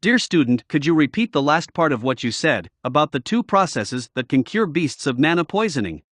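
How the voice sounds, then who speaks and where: A man reading a shouting, excitable professor. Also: a little high, moderate pace, dry recording, clean studio sound. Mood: eager. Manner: loud, insistent demands. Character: excitable shouting middle-aged male professor.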